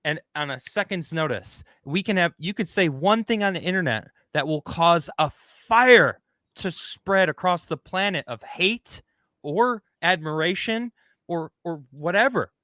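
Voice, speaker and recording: A man hosting a casual podcast chat, talking in an animated, rambling way and acting out the people he quotes. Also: sits high, unhurried, no echo, clean studio sound. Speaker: host.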